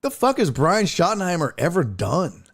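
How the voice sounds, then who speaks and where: A man's voice: sits high, wildly swooping pitch, normal speed, gravelly, husky. A man hosting a streamed sports talk show, ranting bluntly and profanely with strong opinions. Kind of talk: casual sports rant, live stream.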